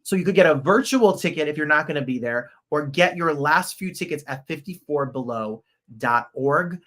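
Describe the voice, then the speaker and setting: A man hosting a podcast in casual, excitable, rambling livestream chat. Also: on the high side, moderate pace. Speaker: podcast host.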